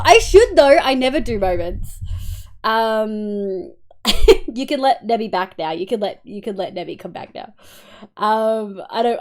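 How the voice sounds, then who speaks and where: Upbeat Australian woman streamer. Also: a little high. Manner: greets chat warmly by name, swings into loud playful outbursts. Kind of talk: casual live-stream chat.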